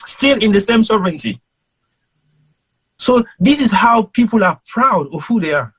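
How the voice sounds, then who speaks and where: A Sierra Leonean man with a Krio accent gives impassioned commentary on a panel. His voice is a little husky and pitched somewhat high. He talks in an emphatic, rhetorical way, like a preacher. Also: expressive, normal speed, rough recording. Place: cold home in London.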